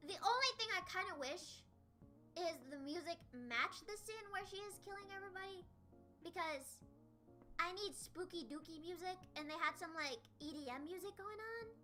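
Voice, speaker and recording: A young woman streamer chatting casually about an anime, excitable and prone to squeals and laughter. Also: very high voice, normal speed. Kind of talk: casual anime discussion livestream. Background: faint background music.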